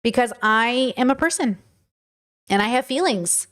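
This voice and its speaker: A woman's voice: fairly high pitch, animated, measured pace, a bit bright. A woman hosting a livestream, answering viewers' chat questions in an earnest, emphatic way.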